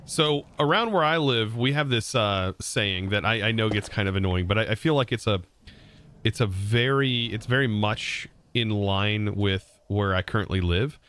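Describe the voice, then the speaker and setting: This streamer chats casually with viewers while working through a modded building game, rambling about words between tasks. His voice is fairly low and fairly bright, his pace moderate, with a little hiss or hum.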